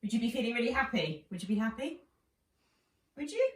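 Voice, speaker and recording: Woman, children's storyteller, animated, questioning, distant mic, echoey room, faint noise. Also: fairly high pitch, fairly quick. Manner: animated, asks children questions, acts out lines. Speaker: children's church leader.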